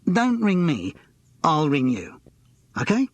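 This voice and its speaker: A man doing a chirpy, brisk theatrical agent. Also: a little high, huge pitch swings, no echo, pitched above the performer's own voice, exaggerated voice.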